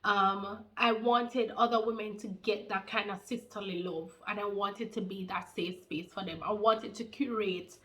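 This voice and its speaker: A Jamaican woman in her thirties telling her personal faith testimony, animated and heartfelt, slipping into patois. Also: mid-range voice, normal speed, hardly any pauses. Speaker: faith channel co-host.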